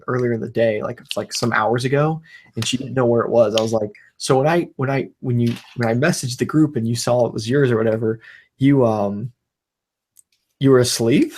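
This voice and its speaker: A man's voice: medium pitch, a little mellow, slight background noise. Man, thirties, casual host, rambling, cursing, laughing at his own stories. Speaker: channel host. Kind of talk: casual chat.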